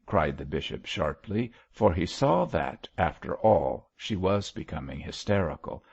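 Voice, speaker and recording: Male audiobook narrator, lively delivery, lo-fi recording. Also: sits low, measured pace, gravelly, few pauses, breathy edge. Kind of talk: scripted narration.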